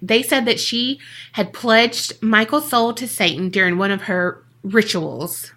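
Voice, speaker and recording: A woman's voice: mid-range voice, unhurried. A woman co-hosting a podcast, casually telling a story with slang, swearing and acted-out quotes. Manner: animated, swearing, acts out quoted people in slang. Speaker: podcast co-host.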